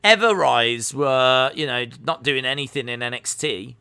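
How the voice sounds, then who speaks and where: A man hosts a casual wrestling reaction stream, cracking jokes and reading out messages from chat. His voice is bright and crisp, and he takes his time with every line. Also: mid-range voice, expressive, unhurried. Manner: jokey, reads out and answers chat. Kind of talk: casual live-stream commentary.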